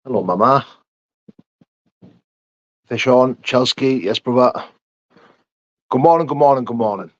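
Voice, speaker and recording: A young man reads out names from his live chat, says hello and responds to questions, all in a chatty, matey tone. His medium-pitched voice keeps a measured pace with frequent pauses, and the sound is dull and muffled.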